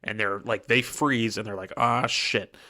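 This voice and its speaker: A man's voice: on the low side, steady tone, moderate pace, sharp tone. A man co-hosting a book podcast, retelling the chapter in casual chat and briefly acting out the characters' lines. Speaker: podcast co-host.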